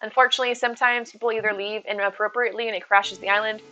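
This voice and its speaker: Woman streamer, bright tone, easy casual chatter aimed at viewers. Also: mid-range voice, steady tone, rapid-fire, highs cut off, faint music behind. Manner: chatty, reads out and answers viewer messages. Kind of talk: casual live-stream chat. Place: at home with her cats.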